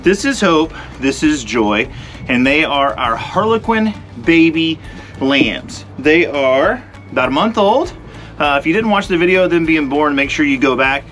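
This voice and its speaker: A man's voice: a little high, animated, measured pace, fairly bright tone, faint music behind. A man hosting his ranch vlog outdoors in the cold, a bit out of breath and talking in an easygoing, rambling way. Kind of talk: casual vlog talk to camera. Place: outdoors at a sheep pen in the cold.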